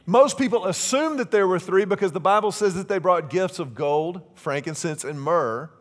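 A middle-aged man preaching a sermon to a congregation, animated and joking, drawing them in with questions. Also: a little high, normal speed. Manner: animated, joking, asks the congregation to call out answers. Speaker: pastor.

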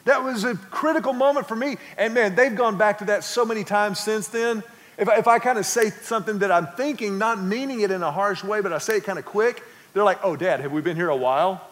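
High-voiced pastor in a reverberant hall. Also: male voice, a bit bright. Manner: storytelling with audience questions. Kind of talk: sermon.

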